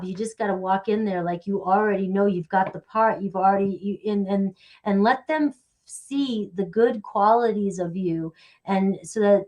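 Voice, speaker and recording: Woman tarot reader, casual livestream delivery, rambling and chatty, a bit sniffly, mid-range voice. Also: medium pitch. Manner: chatty, rambling, thanks viewers by name. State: sniffly stuffy nose. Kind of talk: casual live tarot reading.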